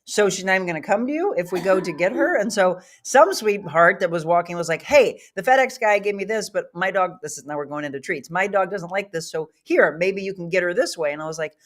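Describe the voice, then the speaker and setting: A woman hosting a live talk show, telling a story in a lively way and laughing often. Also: on the low side, a little fast, hardly any pauses. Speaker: host.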